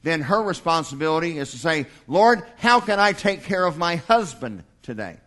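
A man's voice: fairly high pitch, very animated, moderate pace, a bit bright. An older man preaching a sermon as pastor, folksy and humorous, acting out little dialogues.

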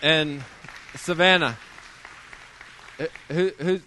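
A man's voice: fairly high pitch, slow pace, sharp tone, some chatter behind, a little hiss or hum. A middle-aged man preaching a sermon, telling his testimony in a conversational way with many restarts.

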